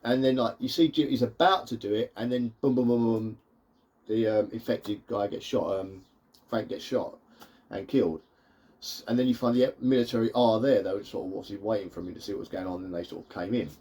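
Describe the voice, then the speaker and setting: A man talks through a film's plot in a loose, rambling way, piling up fillers and restarting his sentences. His voice sits low and mellow, with a slightly husky edge. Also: brisk. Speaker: film reviewer. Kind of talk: casual spoken recap.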